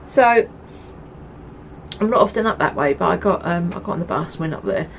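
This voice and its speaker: A woman's voice: lowish voice, animated, moderate pace, gravelly, a little hiss or hum, rough recording. A woman from Essex, hosting a knitting video podcast in a rambling, chatty way with many ums and asides. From Essex, England. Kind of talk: casual chat to camera.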